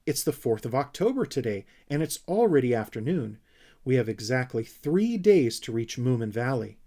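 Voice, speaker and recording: A man voicing a calm, practical young male wanderer who speaks in a firm, level-headed way. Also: mid-range voice, moderate pace.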